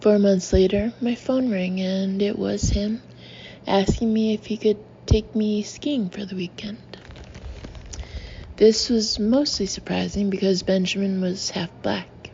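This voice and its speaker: A woman reads her memoir with wry, deadpan humor in a slow, gravelly voice. Her tone is mellow and warm. The recording sounds a little dull, with a faint hiss underneath. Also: mid-range voice. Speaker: memoir narrator. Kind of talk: audiobook memoir narration.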